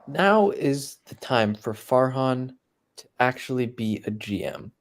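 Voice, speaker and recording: A man's voice: medium pitch, sing-song, takes it slowly. A man co-hosting a casual sports talk show, blunt and emphatic. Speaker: podcast co-host.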